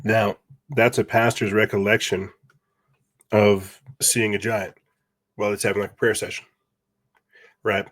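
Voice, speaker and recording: Podcast host dude, lowish voice, rambles and keeps asking big questions. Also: male voice, little pitch movement, unhurried, long pauses, fairly bright tone. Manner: rambling, restarts, builds to rhetorical questions. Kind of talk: casual commentary monologue.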